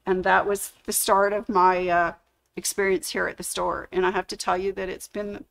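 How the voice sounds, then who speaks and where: Speaking from a sewing store media room, a middle-aged store employee recounts how she got her job for a livestreamed anniversary tribute. Her fairly low voice has little pitch movement, a moderate pace, vocal fry, and a slight brightness as she tells the emotional story and acts out quoted dialogue.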